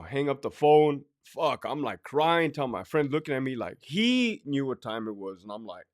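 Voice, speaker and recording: A man recounts a painful personal story in casual speech. His delivery is halting and emotional, with repeated phrases and sighs. His pitch sits in a mid range for a man. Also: big pitch swings. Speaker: podcast host telling a personal story.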